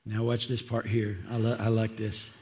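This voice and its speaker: A man's voice: on the low side, monotone, moderate pace, mellow. A male pastor giving a sermon in a conversational, earnest way, often asking the congregation questions. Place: church sanctuary. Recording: long church-hall reverb.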